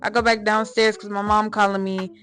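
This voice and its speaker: A woman's voice: mid-range voice, little pitch movement, a little fast, a bit bright, soft background music. A woman telling a personal story to her viewers in a casual, slangy, emphatic way, often calling them y'all.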